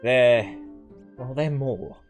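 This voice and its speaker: A man's voice: mid-range voice, extremely slow, soft background music. A man voicing a sweet, chatty old country grandmother with a West Country accent, fussing and motherly. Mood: cheery fussing. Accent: West Country English. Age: older. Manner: chatty, fussing, sing-song.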